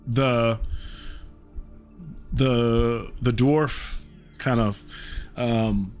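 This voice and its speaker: A male game master narrates the scene at an unhurried pace, winding through fillers and restarts. His pitch sits in a middle range, and soft music plays quietly behind him. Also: fairly even intonation. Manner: rambling, halting, with many fillers.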